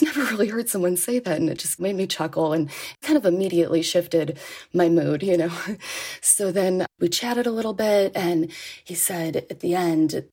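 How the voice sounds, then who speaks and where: Husky woman telling a story. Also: on the low side, moderate pace. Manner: earnest, laughs softly between phrases. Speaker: interviewee sharing a personal story. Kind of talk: personal storytelling.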